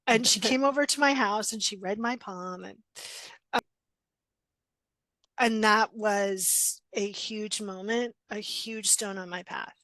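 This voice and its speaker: In this casual podcast interview, the guest is a middle-aged woman coach whose medium-pitched voice runs a little slow, recorded with no room sound. She's blunt and direct, animated in her storytelling, frequently laughing as she performs the dialogue she quotes.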